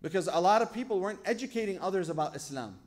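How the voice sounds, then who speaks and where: A man's voice: high-pitched, lively intonation, rapid-fire. A man giving a sermon as a sheikh. He tells stories from his own life, asks rhetorical questions and quotes scripture. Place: lecture hall at a religious gathering.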